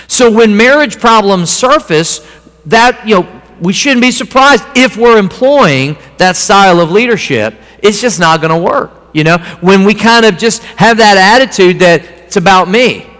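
A man's voice: high-pitched, expressive, a little slow, a bit bright. A man preaching a sermon in a folksy, conversational way, repeating phrases as he teaches from a handout. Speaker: pastor. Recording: long hall reverb.

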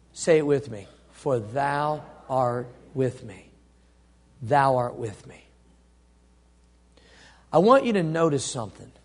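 A high-pitched man preaching from the pulpit. He calls on the congregation to repeat lines back to him, and he swings from ringing emphasis down to slow, hushed delivery. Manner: call-and-response preaching, dynamic swings from loud to hushed. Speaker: pastor. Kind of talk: sermon.

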